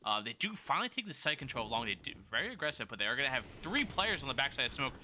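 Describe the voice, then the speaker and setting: A man's voice: medium pitch, sing-song, sharp tone, a little hiss or hum. A man casting a competitive shooter match alone as play-by-play commentator, his throat sore, correcting himself as he goes and chatting with viewers between rounds. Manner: rapid play-by-play with self-corrections and chat banter. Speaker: esports caster. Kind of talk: solo play-by-play commentary, chatting with live chat.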